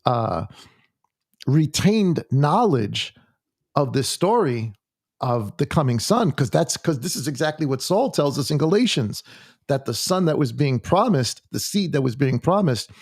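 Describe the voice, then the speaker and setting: A man leading a conversational Bible study in a church, halting and full of restarts as he reads scripture aloud. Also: fairly high pitch, big pitch swings, darkish tone, husky, dry recording, studio quality. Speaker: Bible teacher.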